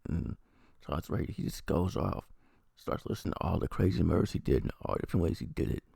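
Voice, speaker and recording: Male vlogger, very low and husky, dark tone, dry close sound; loose profane episode recap. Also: a little fast, no echo. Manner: rambling, profane plot recap. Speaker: TV review vlogger. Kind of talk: casual episode review.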